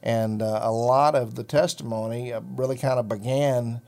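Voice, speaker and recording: A man's voice: mid-range voice, fairly even intonation, normal speed, a little mellow. A middle-aged man hosting a ministry talk show, telling a personal faith story in a folksy, rambling way with many fillers. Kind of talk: casual storytelling chat.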